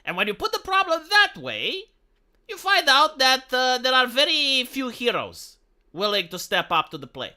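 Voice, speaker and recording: A man's voice: extremely high pitch, wildly swooping pitch, moderate pace, sharp tone. A man from Romania ranting on a live stream, heated and profane, often stumbling and restarting his sentences.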